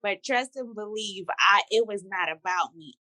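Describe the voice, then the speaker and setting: A woman's voice: medium pitch, normal speed, no echo, rough recording. A woman with a New York accent from Brooklyn, a podcast guest talking frankly and casually. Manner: lively, frank, switches between speech registers. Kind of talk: candid casual conversation.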